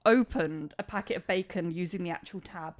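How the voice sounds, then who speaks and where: A woman's voice: lowish voice, fairly quick. A woman in her thirties with an English accent, co-hosting a book podcast in casual chat, telling small stories with dry, mock-boastful humor. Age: 30s. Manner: dry, playfully boastful storytelling. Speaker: podcast co-host.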